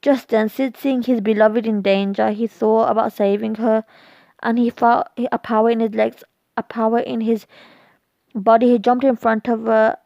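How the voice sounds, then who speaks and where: A woman reading her own romance story aloud, halting and restarting lines, recorded dull and dry. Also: on the high side, flat delivery, vocal fry, no echo.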